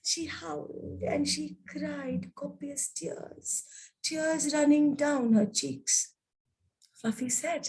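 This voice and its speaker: A woman tells a story to young children, slow and gentle, addressing them directly. Her voice is high and expressive. She lingers over words. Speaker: professional storyteller.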